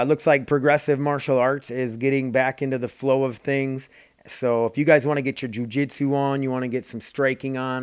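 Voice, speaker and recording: Smooth-voiced man rambling on his podcast. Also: mid-range voice, no room sound, studio quality. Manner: rambling, offhand, swears freely. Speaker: podcast host. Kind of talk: casual solo podcast chat.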